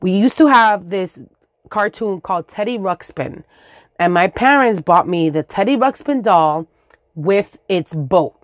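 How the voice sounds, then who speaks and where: A woman's voice: mid-range voice, animated, a little slow, no echo, studio quality. A woman in her forties from the Dominican Republic, telling a comic story with swearing, sound effects and Spanish words mixed in.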